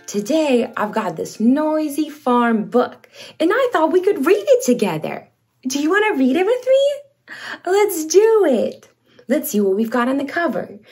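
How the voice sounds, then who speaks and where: A young woman hosting a toddler read-along lesson, speaking slowly and playfully and imitating farm animal sounds. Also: high-pitched, a little mellow. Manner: slow, sing-song, exaggerated for toddlers, imitates animal sounds. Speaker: children's show host.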